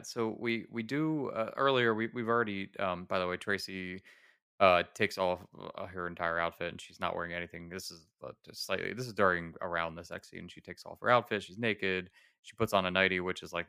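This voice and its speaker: A man co-hosting a podcast, rambling through a movie scene with laughs and quick bursts of acted-out dialogue. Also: sits low, fairly even intonation, creaky, sharp tone, clean tone, dry recording, studio quality. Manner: rambling, laughing, acts out characters' lines. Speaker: podcast co-host. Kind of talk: casual chat recapping a movie.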